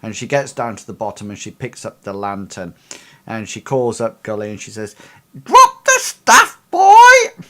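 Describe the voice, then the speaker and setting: A man's voice: lowish voice, steady tone, a little fast. A man narrating a tabletop game as its game master, hedging his descriptions as he goes. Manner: hesitant, lots of fillers and restarts.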